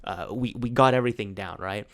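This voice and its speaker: A man's voice: lowish voice, a little fast. A young man hosting a solo talk show, telling a story casually with many restarts and fillers. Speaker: host.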